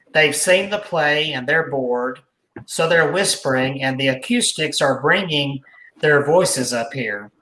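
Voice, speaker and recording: A man's voice: on the high side, sharp tone, slight background noise. A man hosting a podcast, reading a news article aloud in a conversational way with his own asides. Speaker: podcast host. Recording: echoey room.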